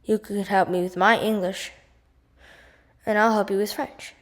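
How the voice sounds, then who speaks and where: A woman's voice: medium pitch, fairly even intonation, unhurried, natural voice. A woman voicing a fussy, insistent French shopkeeper man who speaks emphatically, in a read-aloud storybook. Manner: emphatic and fussy about pronunciation.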